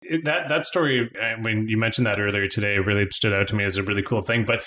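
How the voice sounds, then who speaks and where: A man's voice: lowish voice, fast, pushed and bright. A man in his thirties hosting an interview, laughing easily and asking follow-up questions. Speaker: podcast host.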